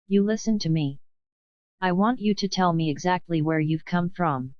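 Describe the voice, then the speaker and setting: A woman reading the part of a blustering male police chief who shouts alarmed orders. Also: on the low side, normal speed, smooth, no echo, dull audio, natural voice.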